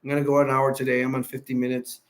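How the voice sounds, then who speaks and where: A man's voice: medium pitch, completely flat delivery, racing. A man hosting a casual livestream chat, rambling and playful and laughing easily as he reads viewer comments. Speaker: livestream host. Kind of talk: casual live stream chat.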